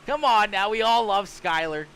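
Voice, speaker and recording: A young man streaming live sim race commentary, reading out viewer chat and shouting hype at donations. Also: sits high, normal speed, slight background noise. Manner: excitable, hypes viewers, loud shouts at donations.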